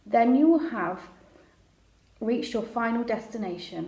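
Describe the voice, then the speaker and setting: A woman voicing a car sat-nav gadget in a storybook, singing some lines and giving directions in a flat announcer tone. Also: a little high, measured pace. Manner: sings, then flat announcer tone. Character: chirpy sing-song car sat-nav, female-voiced gadget. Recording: roomy echo.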